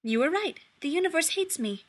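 A woman voicing a brash, protective young man who snaps back quickly. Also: very high voice, animated, voice pushed up. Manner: brash, snappy.

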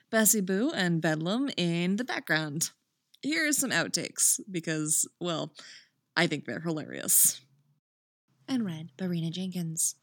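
A woman reading fan fiction aloud on a couch in a friend's house, expressive, laughing and swearing at her own slips. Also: lowish voice, vocal fry, dry recording, studio quality. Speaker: podfic reader.

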